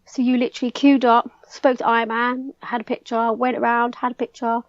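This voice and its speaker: A young English woman chatting excitedly as a podcast guest, peppering her story with "like". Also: on the high side, brisk, dry recording, dull audio. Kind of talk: casual chat.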